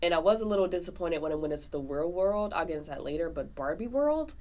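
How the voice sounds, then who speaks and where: A woman co-hosting a podcast, reviewing a movie in casual, animated chat full of slang. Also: fairly low pitch, quick pace. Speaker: podcast co-host.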